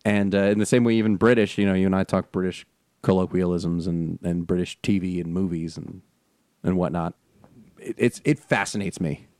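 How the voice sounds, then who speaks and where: A man co-hosting a casual chat, animated and laughing often, talking fast. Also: low voice, dry recording, studio quality. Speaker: podcast co-host. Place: Los Angeles area.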